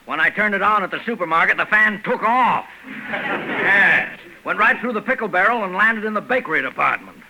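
An actor playing a pompous male supermarket owner who delivers dry, drawn-out sarcasm, in a 1940s radio comedy. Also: high-pitched, animated. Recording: hissy old radio broadcast.

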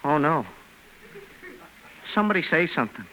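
An actor playing a nervous young fix-it shop owner in a 1940s radio comedy, quick and flustered. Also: male voice, a little high, very animated, muffled recording. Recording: noisy old radio broadcast recording.

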